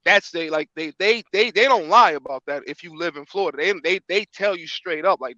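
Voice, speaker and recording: Casual male guest, rambling and filler-heavy, bright tone, dry close sound. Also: fairly high pitch, a little fast, hardly any pauses, dry recording, lo-fi sound. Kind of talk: casual chat.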